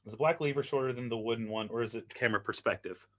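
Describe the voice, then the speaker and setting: Host, male, tinkering on camera, bright tense voice; loose, self-mocking chatter. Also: mid-range voice, racing. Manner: chatty, self-deprecating, thinks aloud while tinkering. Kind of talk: casual live product demo.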